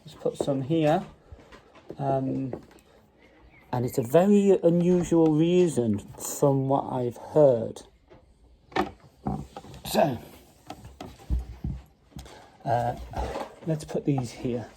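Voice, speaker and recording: A man speaks at medium pitch, very slowly and with frequent pauses, while teaching English phonics in his home dining room with children present. He has a Staffordshire Midlands accent and patiently draws out and repeats vowel sounds, captured on a mobile phone propped on the dining table amid background noise.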